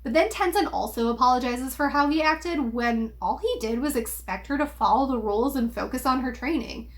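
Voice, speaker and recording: A young woman giving an opinionated, emphatic video commentary, pausing often with ums. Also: high-pitched. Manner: critical, emphatic, with frequent ums. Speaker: video essayist.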